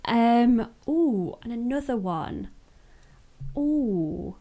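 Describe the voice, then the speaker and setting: A woman co-hosting a casual podcast chat, relaxed, with brief replies. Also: on the high side, extremely slow. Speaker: podcast co-host.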